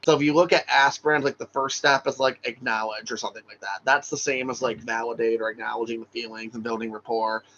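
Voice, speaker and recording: A man's voice: medium pitch, fairly even intonation, fast, hardly any pauses, a bit bright, dull audio, slight background noise. A man teaching a recorded online class for social work exam prep, talking casually with lots of "right?" and "like".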